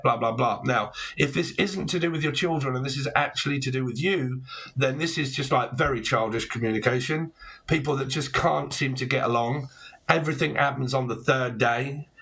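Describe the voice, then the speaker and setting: A man's voice: mid-range voice, fairly bright tone. A man giving a casual tarot reading, talking bluntly and rambling, with plenty of swearing and slang. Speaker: tarot reader.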